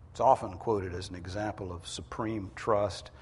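A man preaching a sermon, emphatic, rising in pitch and force to drive his points home. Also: fairly even intonation, normal speed, hardly any pauses, darkish tone, husky, big-room sound.

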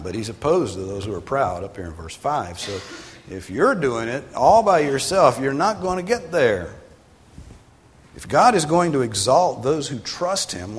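A male pastor giving a sermon in a conversational way, sometimes rising for emphasis and then dropping low. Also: big pitch swings, measured pace, a little hiss or hum. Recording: long hall reverb.

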